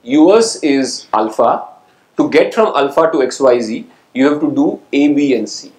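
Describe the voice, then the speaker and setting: A man's voice: medium pitch, lively intonation, normal speed, a little mellow. A man giving an interactive lecture to students as a guest speaker, quizzing the audience and often asking "right?" to check they follow. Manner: engaging, quizzes the audience and calls on people; asks "right?" to check understanding. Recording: echoey lecture hall.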